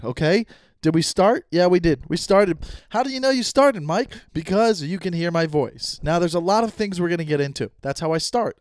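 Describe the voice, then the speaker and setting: A man's voice: a little high, a little mellow, smooth, no echo. A man in his thirties hosting a solo podcast, rambling and talking to himself with self-mocking asides. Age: 30s. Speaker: podcast host. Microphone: studio mic.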